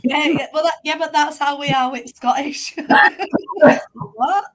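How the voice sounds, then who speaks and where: A Yorkshire woman chats in an easygoing way and breaks into laughter often. Her voice sits high and she talks unhurriedly, taking her time over each phrase. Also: fairly even intonation, measured pace. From Yorkshire, England. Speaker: guest psychic medium. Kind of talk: casual chat.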